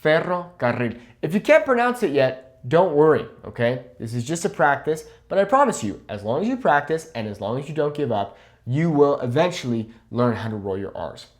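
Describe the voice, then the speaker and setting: With a fairly high pitch and big pitch swings, a young man teaches Spanish pronunciation in an online class. He's patient and encouraging, asks "okay?" after every point, and models words slowly.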